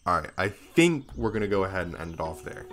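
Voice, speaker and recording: A man's voice: deep voice, sing-song, fast talker, a bit bright, faint music behind. A man giving casual let's-play commentary, rambling and thinking aloud, his voice getting a little tired. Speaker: gaming video host.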